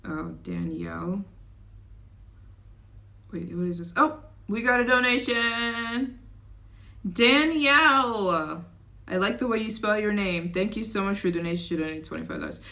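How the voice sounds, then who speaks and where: A woman chats loosely on her travel livestream, reading out donations and answering viewers. Her voice sits a little on the low side, and she talks in an easy, rambling way. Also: a little fast, gravelly, pauses often. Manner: chatty, reads donations aloud, rambling asides; slips into a put-on accent at times. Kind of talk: casual livestream chat.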